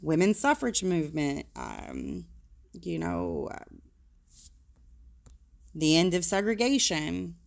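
Woman, social worker, lowish voice, frank and casual, swears now and then. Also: big pitch swings, slow pace, vocal fry, pauses often. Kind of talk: casual talk on emotions.

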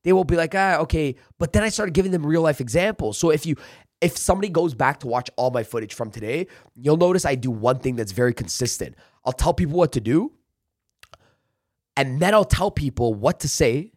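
A man's voice: fairly high pitch, lively intonation, fairly quick, a little mellow, dry recording. Emphatic male sales trainer, dry sound. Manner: emphatic, coaching, acts out pep talks. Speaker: sales trainer, podcast guest. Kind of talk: casual interview talk. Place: office.

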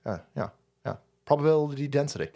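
Male streamer, foul-mouthed sarcastic rant, lively pitch that jumps all over. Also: fast, vocal fry. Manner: profane, sarcastic, mocking. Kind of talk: livestream rant.

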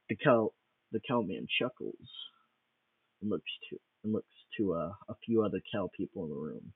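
A man's voice: deep voice, animated, moderate pace, husky, dry recording, far from the mic. A man improvising a comic story, rambling along with restarts and fillers, on a tinny phone-like recording.

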